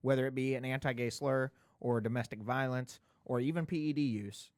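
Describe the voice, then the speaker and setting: A man co-hosting a casual baseball talk show, conversational and quick to chime in. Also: mid-range voice, fairly even intonation, darkish tone, no echo, clean studio sound. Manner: conversational, quick to agree and interject. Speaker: podcast co-host.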